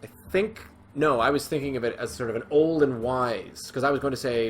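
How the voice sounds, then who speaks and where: Casual gaming host, male, middle-pitched, rambling and self-mocking, faint music behind. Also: a little fast, hardly any pauses. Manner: rambling, chatty and self-deprecating; thinks aloud with frequent fillers and restarts. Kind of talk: casual gameplay commentary.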